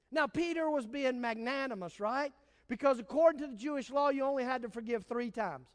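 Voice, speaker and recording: A man's voice: very high-pitched, brisk. A man preaching a sermon as pastor, emphatic and storytelling, repeating his key points in a large hall. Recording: long hall reverb.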